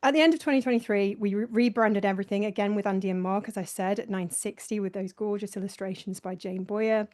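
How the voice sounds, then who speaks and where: A woman's voice: mid-range voice, steady tone, fast talker, few pauses, a little mellow. A woman hosting a live online session, talking casually through her slides in a chatty, self-mocking way and laughing often. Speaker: host presenting a slideshow.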